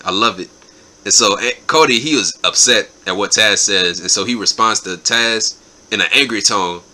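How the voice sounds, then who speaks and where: A man's voice: fairly low pitch, moderate pace, pushed and bright. A man hosting his own show, giving a casual, enthusiastic spoken recap and often repeating his words. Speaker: show host reviewing wrestling episodes.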